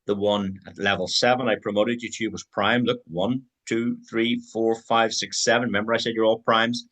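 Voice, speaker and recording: A man with a fairly low voice presents to an online audience. He sounds upbeat and persuasive, addresses his viewers directly and chuckles through his own anecdotes. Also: little pitch movement, moderate pace, fairly bright tone.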